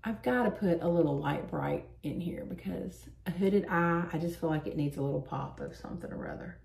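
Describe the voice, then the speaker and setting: A woman's voice: low voice, vocal fry. A woman, chatting and laughing as she tells stories while doing her makeup. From Southern United States. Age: 40s. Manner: chatty, animated, quick to laugh. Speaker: beauty vlogger.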